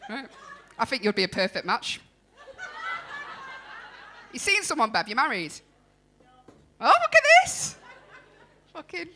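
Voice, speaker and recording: A woman's voice: on the high side, huge pitch swings, a little slow, long pauses, crowd noise, background noise. A woman compering a comedy club night, teasing the audience bluntly and introducing acts into a handheld mic. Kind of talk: crowd work and introducing acts.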